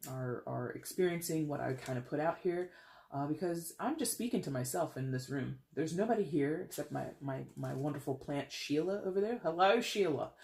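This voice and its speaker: Sassy tarot reader talking alone to camera, swears a lot, chatty, kind of echoey room, middle pitch. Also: normal speed, creaky, dark tone. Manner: sassy, blunt, swears freely; chatty, with laughs and restarts. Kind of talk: casual solo reading to camera.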